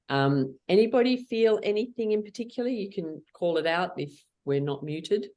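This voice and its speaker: A woman's voice: medium pitch, expressive, moderate pace, hardly any pauses, a little mellow. A woman guiding an online laughter yoga workshop over a video call, playful and laughing often as she cheers people on.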